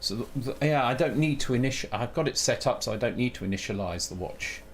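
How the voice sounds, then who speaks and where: A man streaming live while programming, thinking aloud in a halting way that keeps breaking off mid-sentence. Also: mid-range voice, expressive, a little hiss or hum. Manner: halting, self-interrupting, muttering while working.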